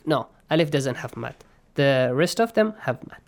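A man teaching Quran recitation rules. He explains patiently, checks in with his students, and chants verses in a slow, stretched way. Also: mid-range voice, lively intonation. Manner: patient, checks in often with "okay?" and "yes?". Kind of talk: online class, explaining and reciting.

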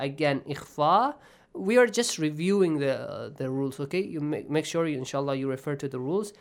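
A man's voice: a little high, animated, fast. A man teaching tajweed rules in an online Quran lesson, patiently quizzing his students.

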